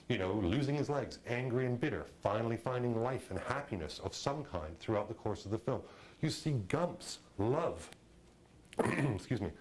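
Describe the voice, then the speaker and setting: A man giving a lively lecture on film directing, chatty and full of "you know" and "okay", acting out audience reactions with sudden jumps in his voice. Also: mid-range voice, low-quality recording. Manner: animated, acts out audience reactions in a raised voice.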